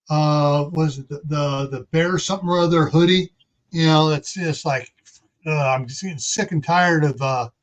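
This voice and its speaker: A man hosting a casual livestream, chatting in a rambling, folksy way. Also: fairly high pitch. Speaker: livestream host. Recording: dull lo-fi stream audio.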